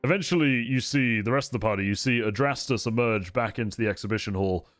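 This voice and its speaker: A man's voice: medium pitch, fast talker, a bit bright, no room sound, soft background music. A man narrating a tabletop game as game master, describing scenes in a storytelling way.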